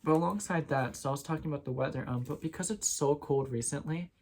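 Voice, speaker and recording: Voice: mid-range voice, fast, darkish tone. A person in their twenties chatting casually to camera as a vlogger, rambling with many ums and restarts. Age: 20s.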